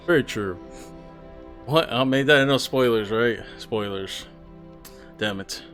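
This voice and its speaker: A man's voice: mid-range voice, slow pace, fairly bright tone, soft background music. A male streamer giving casual live-stream commentary, chatty and swearing as he reacts to viewers.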